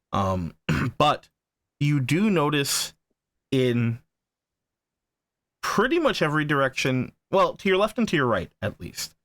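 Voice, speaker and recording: A man narrating a horror tabletop game as game master, halting and searching for words. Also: mid-range voice, fairly bright tone, dry recording.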